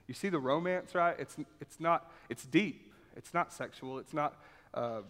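A man's voice: fairly high pitch, unhurried, a bit bright. A man preaching a sermon and reading scripture aloud, talking conversationally, repeating points for emphasis and often asking the room "right?". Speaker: pastor. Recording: reverberant hall.

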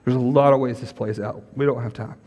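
A man's voice: mid-range voice, fairly even intonation, fast talker, mellow, in a large hall. A middle-aged man, a pastor, preaching a sermon in a casual, conversational way and often checking in with the congregation. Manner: conversational, asks the congregation questions and repeats "right?".

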